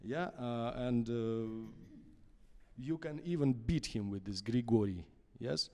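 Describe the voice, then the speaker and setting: Slow, mellow Russian-accented male conductor. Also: mid-range voice. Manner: halting English with many fillers. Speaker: conductor and vocal coach. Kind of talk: opera masterclass coaching. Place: small concert hall. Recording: reverberant concert hall.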